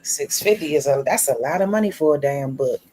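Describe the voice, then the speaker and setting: A relaxed co-host on a discussion stream, hurrying a little while looking something up. Their voice sits at a middle pitch. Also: brisk, slight background noise, rough recording.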